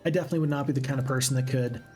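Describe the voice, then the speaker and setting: Racing through his words in a warm, medium-pitched, steady voice, a let's play gamer narrates a strategy game over soft background music. His commentary is casual, full of thinking aloud and self-directed questions.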